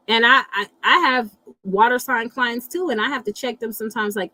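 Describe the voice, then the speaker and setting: Blunt, lively middle-aged woman hosting. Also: fairly high pitch, brisk, no echo, poor audio. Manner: animated, blunt, swears freely, reacts to viewer comments. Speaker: livestream host reading astrology. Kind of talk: casual live chat.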